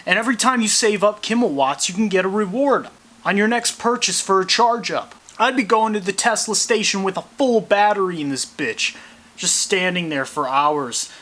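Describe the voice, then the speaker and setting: Bright-voiced ranting male comedian. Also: high-pitched, normal speed. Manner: ranting, sarcastic, abrasive. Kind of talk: scripted comedy monologue.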